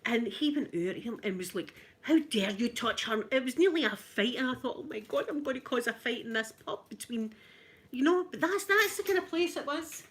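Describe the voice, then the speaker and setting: Middle-aged Scottish woman with a Glasgow accent, chatty vlog storyteller, voice sitting a little high. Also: lively intonation, fairly quick. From Scotland. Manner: chatty, frequent "right?" asides, laughing often. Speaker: vlogger. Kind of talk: casual storytelling while ironing.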